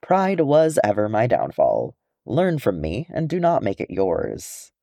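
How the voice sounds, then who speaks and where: A man voicing a proud, stern male dwarf king who speaks forcefully. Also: on the low side, wildly swooping pitch, unhurried, gravelly, no echo, studio quality, full character voice.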